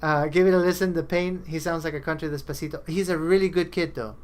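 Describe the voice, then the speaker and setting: A man's voice: a little high, fairly even intonation, fast talker, a little mellow. A man hosting a podcast, talking bluntly and chattily, laughing easily. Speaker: podcast host. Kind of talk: casual chat.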